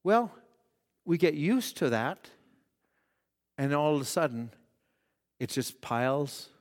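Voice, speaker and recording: Man, preacher, sermon, high voice, shifts between loud and hushed, church hall reverb. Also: big pitch swings, slow pace. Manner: swings from loud exhortation to hushed, dramatized quotes.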